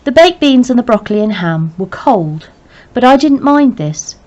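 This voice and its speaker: A woman reading a novel aloud in plain, measured first-person narration. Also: on the high side, big pitch swings, a little mellow. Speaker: reader. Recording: dull lo-fi recording.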